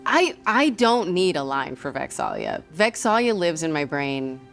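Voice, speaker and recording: A woman chatting as a guest over tea, gushing and expressive. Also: sits low, measured pace, creaky, soft background music. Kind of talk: casual chat.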